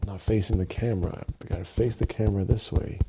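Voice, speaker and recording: A man hosting a tapping livestream who rehearses his intro over and over, swears casually and thinks aloud with long pauses while seated at his desk. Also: fairly low pitch, steady tone, noisy background. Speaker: livestream host, EFT tapping coach. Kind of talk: unscripted livestream self-talk. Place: seated at his home workstation.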